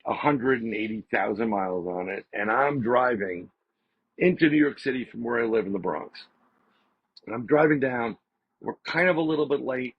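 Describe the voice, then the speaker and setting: A man, a podcast guest, telling a story in a casual, animated way and repeating phrases for emphasis. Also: mid-range voice, creaky, husky. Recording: slightly dull lo-fi audio.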